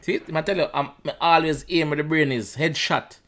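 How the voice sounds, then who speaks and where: A young Jamaican man with a Jamaican accent, talking through a song in a casual, chatty way. His voice sits a touch high for a man. He repeats himself often and drifts in and out of patois. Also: brisk, a bit bright. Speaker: reaction channel host.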